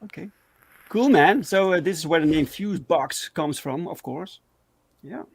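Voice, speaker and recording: A man hosting a casual livestream chat, excitable and full of fillers and restarts. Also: a little high, measured pace, creaky, dry recording. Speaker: talk show host.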